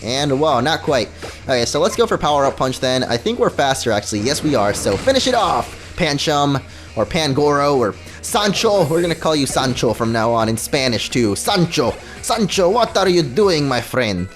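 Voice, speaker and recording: A man hosting a gameplay video, commenting in a goofy, joking and excitable way. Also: mid-range voice, brisk, faint music behind. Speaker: let's play host.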